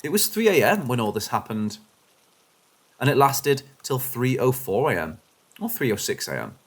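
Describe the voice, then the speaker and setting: A man giving scripted, expressive narration of first-person paranormal stories, shifting his delivery with the suspense. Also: mid-range voice, moderate pace, slightly rough. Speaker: story narrator.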